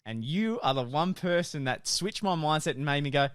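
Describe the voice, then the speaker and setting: A man's voice: fairly high pitch, moderate pace, no room sound. Young aussie guy on a podcast, swears a lot, laughs through stories, dry sound. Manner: animated storytelling, swearing, laughing. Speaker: podcast co-host. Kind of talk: casual chat.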